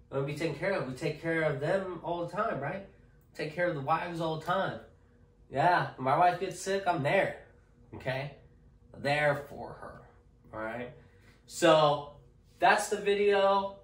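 A man rambles jokingly to his viewers, checking in with an "okay?" every few lines. His voice sits a little high and he takes his time with each phrase. The sound is roomy and echoey, picked up from a distance. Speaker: vlogger. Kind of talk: casual talk to camera. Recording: echoey room, off-mic.

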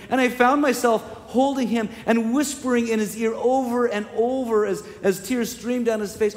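A male pastor preaching a sermon, telling a personal story with deep emotion and building to emphatic, repeated declarations. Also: expressive. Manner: slow, emotional storytelling with swelling emphatic repetition. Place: church sanctuary. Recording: long reverb of a church sanctuary.

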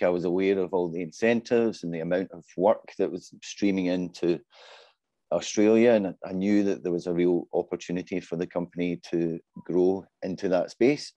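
A man's voice: sits low, warm tone, no echo, dull audio. A man in his forties speaking as a panelist in casual panel talk, modest and self-deprecating. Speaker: panelist, business development lead.

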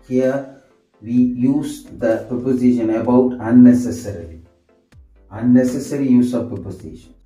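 A man's voice: mid-range voice, warm tone, far from the mic. A man teaching English grammar, repeating each example sentence and answering himself with "yes". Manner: slow, repetitive, says sentences over and over. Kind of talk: grammar lesson. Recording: echoey room, voice set off from the mic, faint music.

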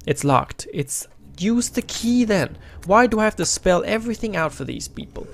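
A man giving profane, excitable let's play commentary as a gaming channel host, talking back to the characters. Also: on the high side, fairly quick, creaky, few pauses, a little hiss or hum.

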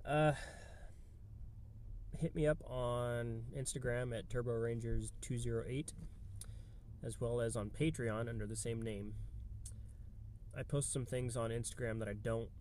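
A man's voice: mid-range voice, fairly even intonation, a little slow, long pauses, a little mellow, a little hiss or hum. A man with a stuffy, nasal voice from a cold, casually walking through a car tuning job with lots of ums and uhs. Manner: hesitant, many ums and uhs. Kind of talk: casual how-to walkthrough.

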